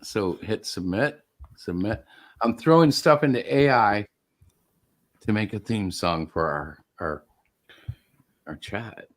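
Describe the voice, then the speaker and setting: Low-voiced rambling stream host man. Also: animated. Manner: rambling, halting, laughs while fiddling with tech. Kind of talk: casual chat.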